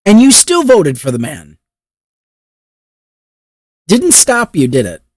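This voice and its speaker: A man's voice: sits high, wildly swooping pitch, takes it slowly, dry recording, clean studio sound. A man reacting to a clip with sarcastic, profane commentary. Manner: mocking, profane.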